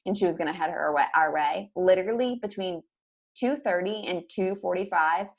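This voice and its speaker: A young woman telling a story as a podcast guest, in a rapid, casual way full of fillers like "like". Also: lowish voice, gravelly. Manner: rapid, filler-heavy, peppered with "like".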